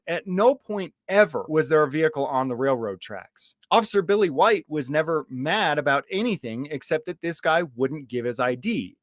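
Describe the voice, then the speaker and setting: A man's voice: mid-range voice, no echo, studio quality. A man giving sarcastic, critical voice-over commentary on video footage.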